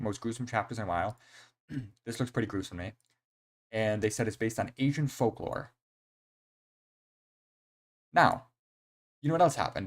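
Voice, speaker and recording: A young man streaming a horror game, chatting casually in an excitable, rambling way full of slang and fillers. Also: mid-range voice. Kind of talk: casual live-stream chat.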